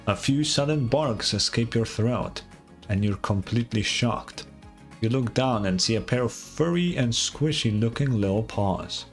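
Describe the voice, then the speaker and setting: A man streams himself playing a story game, reading the narration aloud at a middle pitch in a loose, casual way. He mutters his choices half to himself and swears freely between lines. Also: expressive, unhurried, soft background music.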